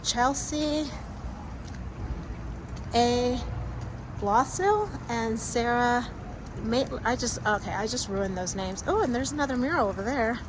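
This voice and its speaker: A woman's voice: on the high side, animated, takes it slowly, long pauses, noisy background. A woman vlogging casually outdoors, chatty and exclamatory, thinking aloud as she walks through town in winter. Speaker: travel vlogger visiting film locations. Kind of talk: casual walking-tour vlog.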